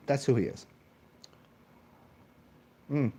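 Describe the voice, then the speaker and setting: Profane, animated man ranting. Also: normal speed. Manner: profane, animated, mimics others in high mocking voices. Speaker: channel host. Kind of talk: casual monologue rant.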